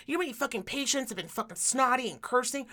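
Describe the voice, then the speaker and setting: A woman's voice: a little high, lively intonation, quick pace, sharp tone. A woman who works in medicine talks in a heated, emphatic way on a podcast, swearing often. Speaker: podcast host; medical worker. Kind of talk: impassioned casual talk.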